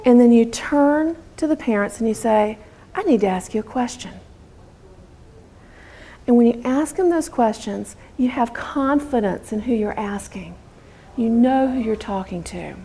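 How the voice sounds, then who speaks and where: Lively woman with a gravelly edge. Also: fairly high pitch, measured pace. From United States. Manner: lively storytelling, acting out quotes. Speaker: homeschooling speaker. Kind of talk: talk to a live audience.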